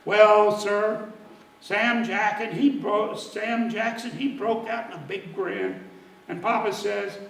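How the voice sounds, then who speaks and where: A man telling a folksy story in dialect at a church service, animated and lively. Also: high voice, takes it slowly, vocal fry, roomy sound, recorded from a distance, poor audio. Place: church sanctuary.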